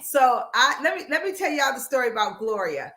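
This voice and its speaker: A woman co-hosts a radio talk show from a studio, spinning an animated story and acting out every quoted line. Her voice sits fairly high and sounds bright and forceful. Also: a little fast. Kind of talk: casual chat.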